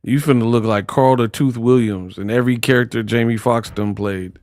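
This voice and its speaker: A man's voice: mid-range voice, normal speed, a little mellow, dry recording, studio quality. A man hosting a casual commentary stream, talking in slangy, teasing rants. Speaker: YouTuber streamer.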